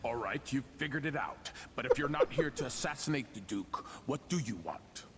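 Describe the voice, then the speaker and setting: A man voicing a scheming ducal body double, smooth, wry and confident. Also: mid-range voice, expressive, normal speed, noisy background, natural voice. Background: game music.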